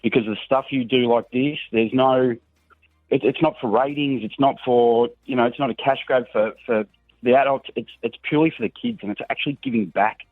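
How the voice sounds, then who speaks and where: A man's voice: medium pitch, fairly quick, no room sound, faint music behind. A man calling in to a radio show, talking earnestly and rambling with plenty of fillers. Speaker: radio caller. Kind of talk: call-in chat. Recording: phone line.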